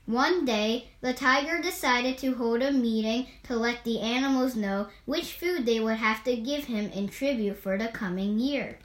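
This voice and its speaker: A woman's voice: fairly high pitch, unhurried, few pauses, roomy sound. Woman reading a fable aloud. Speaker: storyteller.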